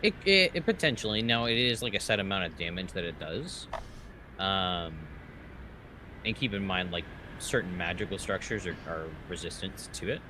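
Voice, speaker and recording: Man game master, low voice, slow descriptive narration, steady background noise. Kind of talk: narrating a tabletop game session.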